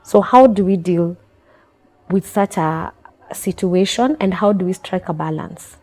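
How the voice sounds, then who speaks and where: A woman's voice: on the low side, a little slow, darkish tone. A woman hosting a talk show, asking long questions with hesitant fillers.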